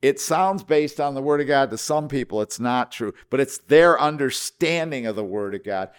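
A pastor preaching a sermon, emphatic, stretching key words and dropping suddenly quiet, often repeating himself as he restarts. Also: medium pitch, expressive, normal speed, clear, resonant tone.

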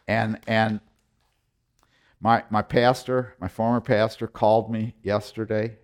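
A middle-aged man preaching a sermon as pastor, emphatic, often repeating words and swinging from loud declarations to hushed, tender moments. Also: lowish voice, fairly even intonation, takes it slowly, smooth.

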